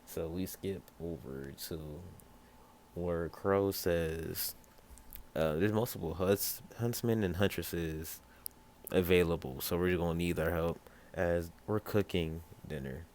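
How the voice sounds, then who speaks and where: A young man casually telling a rambling, improvised fan story, full of fillers and quick bursts of other characters' voices. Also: darkish tone. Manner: rambling, loose with fillers and "yada yada"; acts out other characters in brief pitch jumps.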